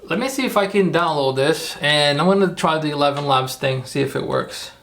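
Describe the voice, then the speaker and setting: Gravelly man thinking out loud. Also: a little high, lively intonation, fairly quick. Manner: thinking aloud, rambling, self-correcting. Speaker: streamer making AI videos. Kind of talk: live-stream screen-work commentary.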